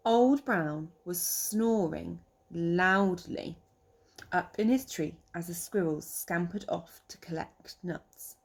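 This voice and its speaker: A woman teacher with an English accent reading a picture book aloud to young children, pausing to explain words. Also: lowish voice, creaky. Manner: slow, expressive, pauses to explain words.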